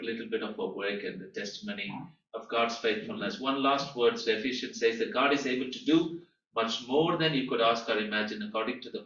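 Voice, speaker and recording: An earnest man lectures and tells stories, pausing often as he goes. His voice is bright and crisp. It comes from a distance through a dull mic in an echoey room. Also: lowish voice. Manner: earnest storyteller, halting with pauses. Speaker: guest teacher at a Bible school. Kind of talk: lecture with personal testimony.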